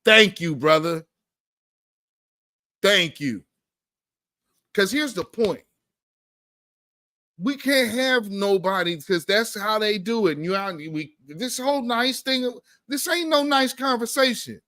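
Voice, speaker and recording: A man's voice: sits high, lively intonation, takes it slowly, pauses often, sharp tone, no room sound, clean studio sound. A man hosting a political commentary show, talking in an emphatic, slangy, fired-up way.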